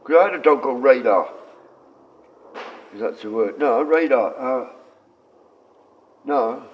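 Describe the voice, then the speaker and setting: A man who sounds sick, rambling and swearing on a live stream, his voice often sinking low and quiet. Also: lively intonation, measured pace. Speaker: livestreamer. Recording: dull lo-fi stream audio.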